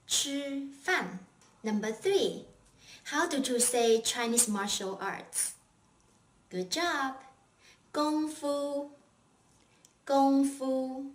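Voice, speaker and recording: Slow, patient woman teaching a language lesson. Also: on the high side, distant mic. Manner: patient and encouraging, asks questions and praises. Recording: echoey room, voice set back from mic, faint noise.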